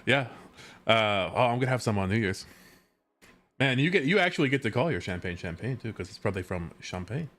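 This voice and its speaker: A man's voice: fairly low pitch, lively intonation, brisk, a bit bright. An American man from California chatting casually on a live stream while he works, rambling and correcting himself as he goes. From California, USA. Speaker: livestreamer and game developer.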